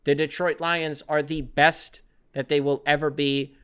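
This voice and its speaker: Host for a sports podcast: man, smooth clear voice, loose and profane, riffs and jokes. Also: a little high, flat delivery, unhurried, a bit bright. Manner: profane, rambling, joking, mocks athletes with put-on voices. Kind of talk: casual sports podcast monologue.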